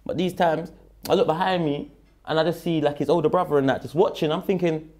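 A man with a South London accent, a rapper guest in a casual interview, telling a story in a slang-heavy, animated way and acting out what people said. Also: a little high, fast. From London, England. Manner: animated, slang-heavy, acts out the quoted lines.

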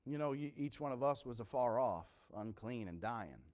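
A male pastor preaching a sermon with impassioned swings from quiet storytelling to loud emphasis. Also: mid-range voice, lively intonation, moderate pace.

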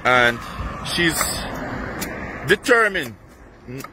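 A man's voice: mid-range voice, sing-song, very slow. Friendly man interviewing on the street. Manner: friendly, affirming. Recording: street traffic noise outdoors.

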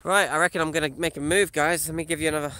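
A man with a fairly high, fairly even voice talks rapid-fire in a sharp tone, vlogging live from his camper van or parked outdoors. He chats casually, reading viewers' comments aloud and answering them.

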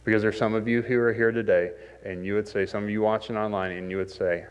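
A man's voice: fairly low pitch, steady tone, quick pace, clear, resonant tone. A man preaching a sermon in a conversational, self-deprecating way, acting out the scenes he describes. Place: church sanctuary. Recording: long hall reverb.

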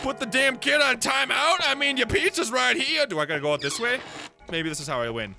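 A man's voice: extremely high pitch, animated, a little fast, creaky, pushed and bright, faint music behind. A man doing horror game commentary, jumpy, screaming and laughing nervously. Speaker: gameplay video host.

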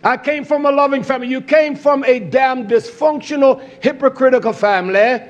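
A man preaching a fiery, confrontational sermon, swinging between loud shouts and hushed, drawn-out stresses and repeating key phrases. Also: extremely high pitch, muffled recording.

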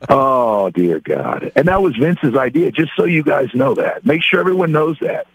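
A man's voice: fairly high pitch, fairly quick, breathy edge, dry recording, narrow, tinny audio. A middle-aged man, a professional wrestler on a podcast, casually retelling a funny, self-deprecating anecdote and acting out the quotes.

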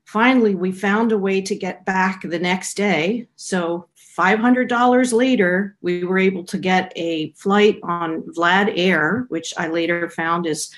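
A woman's voice: on the low side, unhurried, hardly any pauses. A middle-aged woman, a researcher, casually telling a personal anecdote with small restarts. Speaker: researcher being interviewed.

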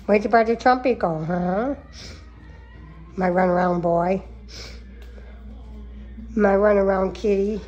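A woman's voice: mid-range voice, slow, pauses often, muffled recording, soft background music. A woman talking baby talk to her cats at home, cooing and sometimes dropping to a whisper. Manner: cooing, affectionate, drifting into soft whispers. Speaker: cat owner filming her pets. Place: home, indoors.

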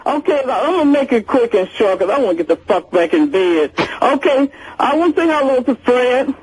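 A woman's voice: on the high side, big pitch swings, fairly quick, darkish tone, husky, poor audio. A woman calling in to a radio show, rambling emotionally and swearing heavily. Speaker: caller. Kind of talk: call-in rant.

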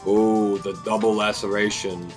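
A young man streaming a game from home, chatting casually, swearing and breaking into sudden excited outbursts. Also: lowish voice, measured pace, soft background music. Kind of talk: casual live-stream chat.

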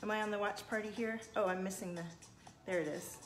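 A woman of middle pitch hosts a spiritual coaching livestream. She talks to her viewers in an earnest, open way, reading their comments aloud and answering each one. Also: steady tone, brisk, faint music behind.

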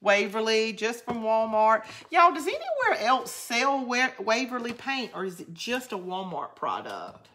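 A woman's voice: on the high side, very animated, measured pace, few pauses, fairly bright tone, slight background noise. A woman with a Southern US drawl, hosting a craft channel in rambling, chatty talk while she answers viewer comments. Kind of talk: casual live crafting chat.

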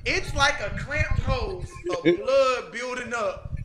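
High-voiced man telling a crude comic story. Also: takes it slowly, a crowd in the background. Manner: animated, laughing, crude slang-heavy storytelling. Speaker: podcast host.

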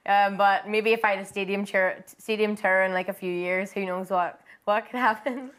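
A woman's voice: mid-range voice, fairly even intonation, normal speed, fairly bright tone. A young woman with a Northern Irish accent, chatting as a singer guest in a bubbly, giggly way. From Derry, Northern Ireland. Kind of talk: casual interview chat.

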